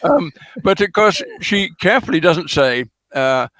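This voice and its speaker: Man lecturing warmly with many ums. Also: high-pitched, sing-song, normal speed, dry recording. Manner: hesitant, many ums, explains carefully. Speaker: guest scholar. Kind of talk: lecturing conversation.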